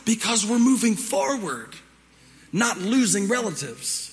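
A man's voice: high-pitched, big pitch swings, measured pace. Male pastor, conversational sermon, repeats lines for emphasis; reverberant church hall. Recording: reverberant hall with music behind.

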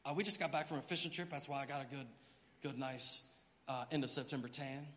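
A middle-aged man preaching a sermon as pastor, telling a story in an animated way and acting out his own panicked thoughts. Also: medium pitch, fast talker, a little hiss or hum. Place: church sanctuary. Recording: long hall reverb.

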